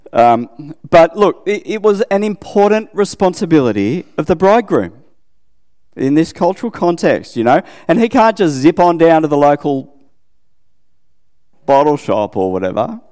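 A middle-aged Australian man gives an easygoing sermon, chatting with his listeners, asking them questions, and poking fun at himself. His voice sits a little high with a darkish tone, and a long reverb tail lingers after it.

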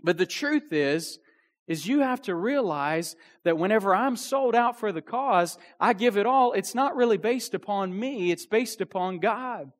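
Youth pastor guy, high voice, fired up, keeps restarting and going off on asides. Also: measured pace. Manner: energetic preaching with many restarts and asides. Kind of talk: youth sermon.

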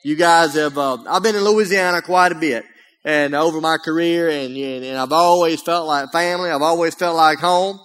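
A man with an Alabama Southern accent preaches a folksy, joking sermon, full of energy and often raising his voice. His voice sits fairly high. It rings with the long reverb of a church sanctuary. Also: fairly even intonation, moderate pace, fairly bright tone, clean tone. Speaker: guest preacher.

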